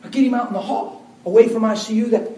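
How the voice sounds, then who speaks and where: High pitched preacher guy telling a story, loud then hushed, far off mic in a big echoey hall. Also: fairly even intonation, fast talker, crowd noise. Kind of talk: sermon storytelling.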